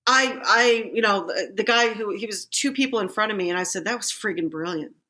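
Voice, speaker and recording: Speaking fairly quickly in a mid-range voice, this podcast co-host chats casually and spins her stories with plenty of filler words. She is an animated storyteller who performs the quotes as she goes.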